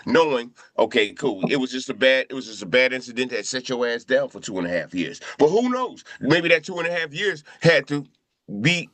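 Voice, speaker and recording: A man's voice: medium pitch, expressive, fairly quick, a bit bright, no echo. A middle-aged man telling a loose, profane story among friends, repeating his phrases as he goes. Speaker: show crew member telling a memorial story.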